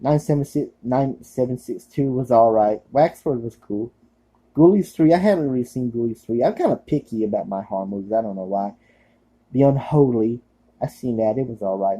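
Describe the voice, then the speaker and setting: A man's voice: mid-range voice, warm tone, breathy edge, low-quality recording. A man casually recommending horror films in a vlog, rambling with many fillers and restarts in an offhand, laid-back way. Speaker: horror movie reviewer.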